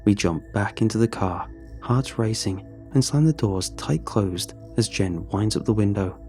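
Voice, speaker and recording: Low, mellow-voiced horror narrator. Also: male voice, faint music behind. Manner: measured, tense first-person storytelling.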